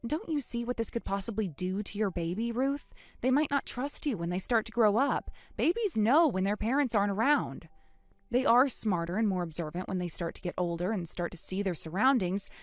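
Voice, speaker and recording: A woman's voice: mid-range voice, expressive, fairly quick, no echo, natural voice. A woman playing an earnest, outraged young aunt. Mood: pleading. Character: indignant young aunt defending her brother's baby. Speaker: voice actor in a text-story drama. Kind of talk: scripted dialogue reading.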